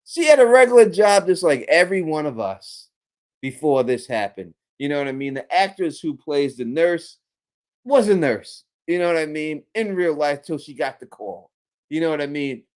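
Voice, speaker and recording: A man's voice: on the high side, expressive, moderate pace. Emphatic man co-hosting a fan show. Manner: emphatic, repeats "you know what I mean". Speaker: co-host. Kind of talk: casual podcast chat.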